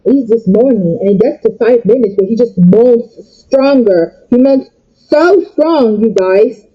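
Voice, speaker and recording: A young woman telling an emotional storytime vlog, agitated and swinging between loud outbursts and quieter asides. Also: fairly high pitch, expressive, measured pace, lo-fi sound. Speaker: storytime vlogger.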